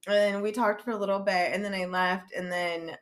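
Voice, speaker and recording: A woman co-hosting a casual podcast chat, telling stories in an animated way, swearing freely and laughing often. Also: medium pitch, fairly quick. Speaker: podcast co-host.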